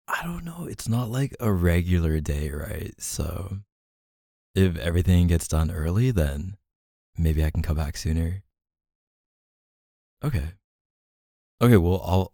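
A man's voice: low voice, vocal fry, warm tone, no room sound, clean studio sound. A man doing an audio role-play as a boyfriend, teasing and affectionate and laughing often.

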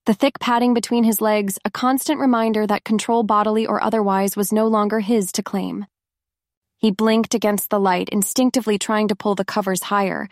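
A woman narrating a scripted story in an even, measured way. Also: mid-range voice, no echo, studio quality.

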